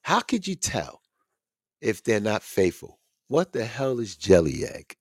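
Male podcast host, loose profane ranter, very lively delivery, dead-dry room. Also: fairly low pitch, unhurried, dry recording. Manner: animated, swearing, ranting. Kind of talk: casual profane commentary.

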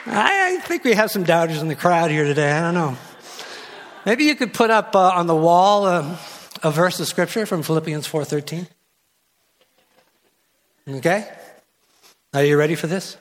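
Preaching as a guest pastor from a church pulpit, an older man speaks at a normal speed in a high-leaning, animated voice, leaving long pauses while some chatter goes on behind him. He teases and jokes, restarting lines and tossing in asides, all under long church reverb.

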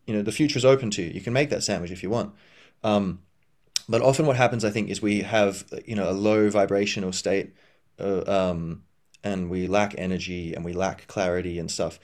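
A man hosting a podcast, talking through ideas in a casual reflective monologue, rambling with many fillers and restarts, and acting out inner voices in a higher pitch. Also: steady tone, brisk, a little mellow. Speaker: podcast host.

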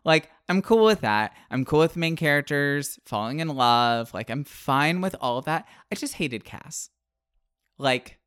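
Male podcast co-host, lively and snarky, caffeinated, dry studio sound. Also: fairly high pitch, normal speed, smooth, dry recording. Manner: animated, sarcastic, swings between loud and muttered asides. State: wired on caffeine. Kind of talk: casual book review chat.

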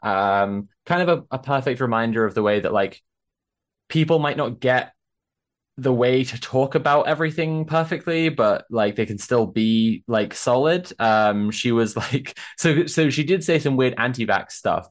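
Brief: young man, mid pitch, rambling casual storyteller, swears freely. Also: moderate pace. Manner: animated, swearing, lots of fillers.

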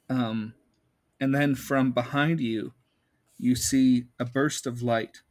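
A man running a tabletop game as game master, narrating slowly with many pauses and ums. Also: mid-range voice, fairly even intonation, darkish tone. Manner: slow, halting, with many ums.

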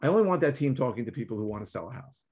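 Fast-talking man. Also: mid-range voice, husky. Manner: animated storyteller, acts out callers. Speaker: podcast co-host. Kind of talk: casual podcast conversation.

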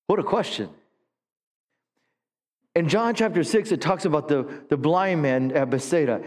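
High-voiced man preaching in a reverberant hall. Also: lively intonation, normal speed, pauses often. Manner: preaching with call-and-response, swinging from hushed to rising. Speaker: pastor. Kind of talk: sermon. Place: church sanctuary.

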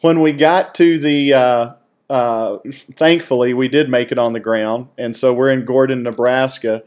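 A man joining in on a shared story in casual talk, calmly filling in details and chuckling now and then. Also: mid-range voice, a little slow.

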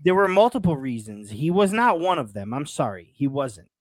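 A man's voice: a little high, big pitch swings, brisk, no echo. Earnest man, dry close sound. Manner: earnest, hedging, restarts often. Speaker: podcast co-host. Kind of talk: casual football talk.

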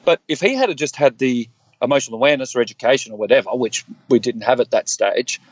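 A man's voice: medium pitch, fast talker, no room sound, highs cut off. An earnest man in his fifties, a guest telling stories from his own life and acting out the voices of the people in them. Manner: earnest, animated, acts out quoted dialogue. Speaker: guest, former police officer. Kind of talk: candid conversational storytelling.

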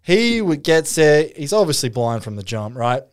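A man's voice: on the high side, big pitch swings, normal speed, clean tone. A man casually telling a long story in a chat, rambling and full of swearing and fillers. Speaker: podcast co-host telling a story.

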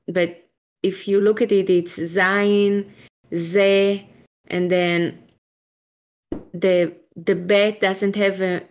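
Slow-talking woman teaching Hebrew. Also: mid-range voice. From Israel. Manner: patient, encouraging, explains step by step with restarts. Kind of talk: live online language class.

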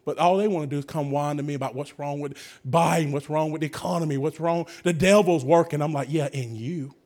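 A man preaching a sermon in a church, telling funny stories and breaking into shouts. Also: on the high side, steady tone, fast. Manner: humorous storytelling, bursts into shouts. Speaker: guest preacher. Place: church with a praise band.

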